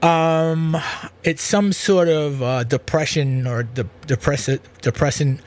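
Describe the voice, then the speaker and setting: This podcast host's voice sits on the high side, slow and somewhat dark in tone. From a home room with an air conditioner, he hosts his own talk show, wandering chattily through asides with lots of fillers.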